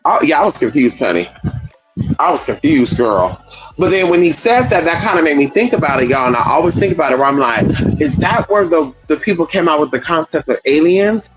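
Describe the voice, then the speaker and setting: A man's voice: lively intonation, a little fast, husky, faint music behind, rough recording. A man hosting a livestream, chatting casually and telling gossipy stories in a sassy way, calling his listeners girl and honey. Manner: sassy, gossipy, swooping pitch. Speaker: livestream host. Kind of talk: casual chat storytelling.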